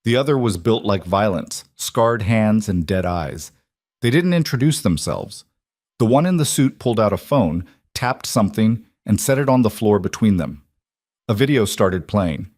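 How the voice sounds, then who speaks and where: A man narrating a crime story in a measured, tense scripted read. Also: fairly low pitch, expressive, darkish tone, no echo, clean studio sound.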